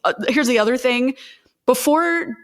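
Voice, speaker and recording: A woman's voice: sits high, a little slow. A woman who co-founded an advocacy group, speaking with passion in a panel conversation, in bursts with many restarts.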